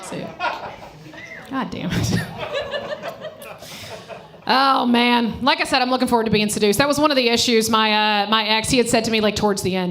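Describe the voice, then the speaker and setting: A brash, foul-mouthed woman comedian works the crowd in a live stand-up set, speaking into a handheld stage mic. Her voice sits a little high and she rolls straight into teasing whoever is up front. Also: steady tone, normal speed, long pauses, fairly bright tone, slight background noise. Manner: brash, profane, teasing the audience. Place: live comedy show venue.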